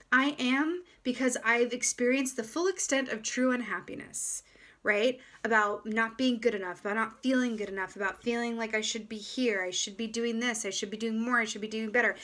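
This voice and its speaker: A woman giving a casual, gentle tarot reading to her viewers, reflective and full of fillers and restarts. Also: on the high side. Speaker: tarot reader.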